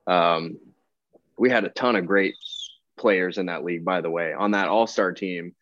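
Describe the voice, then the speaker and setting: This young pro baseball player, a guest on a podcast, tells a story in a relaxed, chatty way, voicing the people in it and quoting their dialogue. His voice is low and moderately paced, with a slight hiss or hum. The recording sounds dull, lo-fi and dry.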